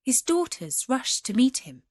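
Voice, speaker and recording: A woman reading a fairy tale aloud as a gentle bedtime story. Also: high voice, very animated, a little slow, no room sound, clean studio sound.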